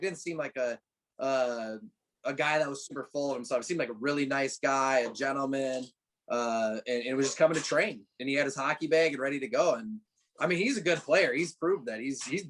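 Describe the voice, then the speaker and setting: A young man, a former college hockey player, telling stories in a relaxed podcast chat with many fillers and restarts. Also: medium pitch, a little fast. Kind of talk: casual interview chat.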